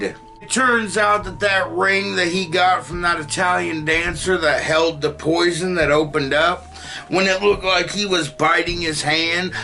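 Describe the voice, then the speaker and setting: Slow-talking gravelly man reviewing movies. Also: a little high, pushed and bright. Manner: laid-back, crude, rambling. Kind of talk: casual film recap.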